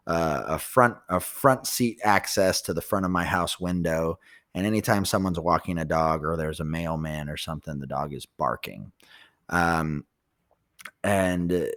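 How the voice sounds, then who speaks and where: A man with a very low voice walks through a dog training example, circling back and restarting as he thinks. The sound is dry and close, with no room echo. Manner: explanatory, many fillers and restarts. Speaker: dog trainer, podcast co-host. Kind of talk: casual podcast explanation.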